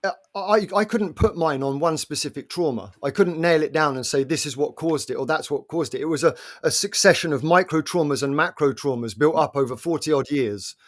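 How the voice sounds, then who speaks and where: A man, chatting on a video call. He gets excited and stumbles through restarts, swearing casually as he goes. His voice sits slightly high for a man. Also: brisk. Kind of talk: casual chat.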